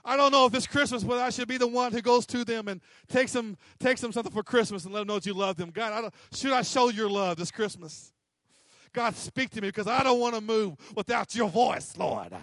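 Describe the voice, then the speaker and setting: Male pastor, high voice, dry close sound, punchy repetitive sermon delivery. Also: fairly quick, a bit bright, no room sound. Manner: emphatic, repetitive, acts out quotes.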